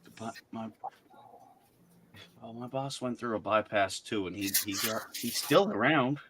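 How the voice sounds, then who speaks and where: A man's voice: lowish voice, unhurried, background noise. A young man in casual chat, joking, swearing freely and poking fun at himself. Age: young adult. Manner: joking, swearing, self-mocking. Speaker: friend in a group chat.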